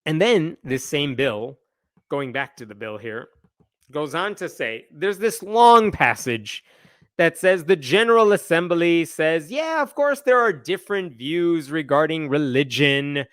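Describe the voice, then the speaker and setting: Man, livestream commentary, sarcastic, fairly high voice, dry close sound. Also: expressive, a little slow, fairly bright tone, dry recording. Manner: sarcastic, reads passages aloud. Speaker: channel host.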